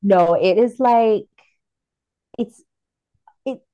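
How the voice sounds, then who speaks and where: A woman's voice: mid-range voice, very slow, no echo, lo-fi sound. A woman chatting casually with a friend as a podcast co-host, blunt and profane in her talk. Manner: blunt, swears a lot, animated.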